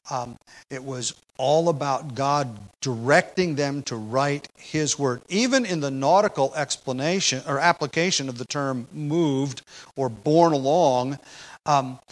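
A man preaching an expository sermon at a measured teaching pace, growing loud and emphatic when he quotes scripture. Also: medium pitch, rough recording.

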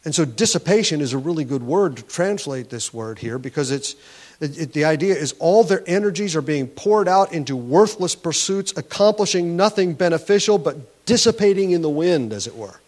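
A man's voice: fairly high pitch, lively intonation, moderate pace, darkish tone. A man preaching a sermon, explaining scripture in an earnest teaching tone, with frequent restarts and words stressed for emphasis. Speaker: pastor.

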